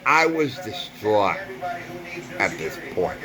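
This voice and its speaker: Man, low voice, slow and earnest, vlog monologue over crowd chatter. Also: big pitch swings, poor audio. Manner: earnest, repetitive, searching for words. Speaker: vlogger. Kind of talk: personal monologue.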